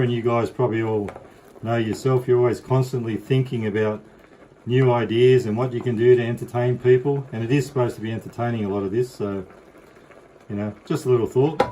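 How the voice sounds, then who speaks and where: A middle-aged Australian man walks through a recipe in a casual, rambling, friendly way. His voice is mellow and unhurried, recorded in a home kitchen with a faint hum of noise behind him. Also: medium pitch, rough recording. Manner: chatty, rambling, easygoing. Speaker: cooking vlogger. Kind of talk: casual cooking demonstration.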